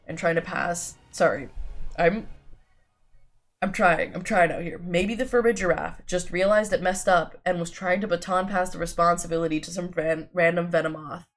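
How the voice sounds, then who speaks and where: A woman streaming a video game, giving wry, sarcastic commentary with casual swearing and a low-energy delivery. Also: fairly even intonation, moderate pace, faint music behind.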